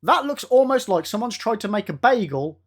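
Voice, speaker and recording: A man's voice: high voice, very animated, fairly quick. A man with an English Midlands accent chatting casually with his stream's chat while playing, swearing freely and answering viewers by name. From England. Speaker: gaming streamer. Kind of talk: casual livestream chat reading viewer messages.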